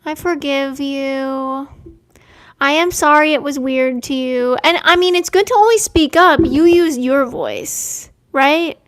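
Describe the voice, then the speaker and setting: A young woman hosting a casual live stream, reading out viewers' names and talking gently and affirmingly about dreams. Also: sits high, no room sound, clean studio sound. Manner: slow, gentle, spiritual and affirming.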